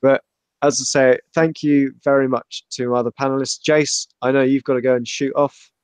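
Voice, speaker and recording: A man's voice: medium pitch, little pitch movement, moderate pace, darkish tone, clear, resonant tone, no echo. Dry-humored man hosting a podcast. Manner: dry, self-deprecating humor. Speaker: podcast host. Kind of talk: wrapping up a live podcast.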